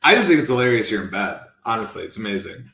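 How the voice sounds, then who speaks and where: A man in relaxed, amused casual chat as a guest. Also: lowish voice, fast. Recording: distant echoey mic.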